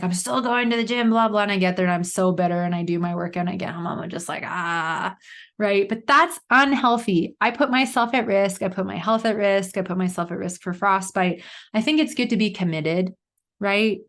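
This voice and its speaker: A woman's voice: mid-range voice, a little fast, a bit bright. A woman in her thirties hosting a solo podcast, telling a personal story in a chatty way with lots of fillers. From Canada. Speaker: podcast host. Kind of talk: casual solo podcast monologue.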